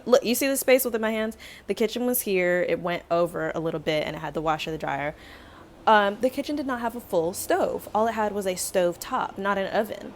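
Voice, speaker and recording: A young woman vlogger chatting casually as she tells a story, acting out quotes with lively, dramatic flair. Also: medium pitch, a little hiss or hum. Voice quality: animated, dramatic retelling with acted-out quotes.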